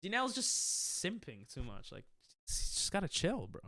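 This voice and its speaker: A man's voice: sits high, wildly swooping pitch, moderate pace, sharp tone, dry recording, clean studio sound. A male streamer in casual chat with his viewers, defensive and laughing, rambling with restarts.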